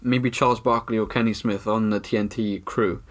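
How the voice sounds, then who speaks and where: A man's voice: lowish voice, steady tone, moderate pace. Teasing man, podcast co-host. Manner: teasing, laughs often. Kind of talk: casual sports chat.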